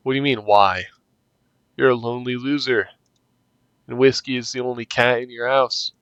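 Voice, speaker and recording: A man's voice: mid-range voice, steady tone, normal speed, fairly bright tone, smooth, dry recording, lo-fi sound, close to an everyday voice. A man voicing a smug, obsessive young male captor in a game, talking down to his prisoner. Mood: condescending. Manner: condescending, taunting.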